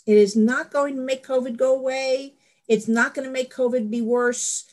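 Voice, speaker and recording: A woman's voice: high voice, steady tone, moderate pace, darkish tone. Candid rambling woman sharing her story. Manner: candid, rambling, self-deprecating with laughs. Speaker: recovery meeting speaker. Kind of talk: personal share at a support meeting.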